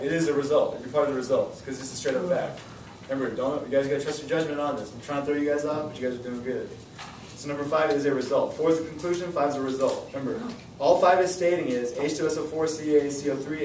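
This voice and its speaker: A young male high school science teacher leading a classroom lesson, energetic and repeating his questions to the students. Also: fast, slight background noise. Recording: echoey classroom from far off.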